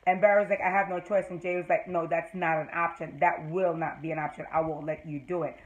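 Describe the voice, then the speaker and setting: Jamaican woman, excitable TV fan reviewer, chatty rambling recap. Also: lowish voice, quick pace, rough recording. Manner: excitable, rambling retelling with many fillers. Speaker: TV episode reviewer.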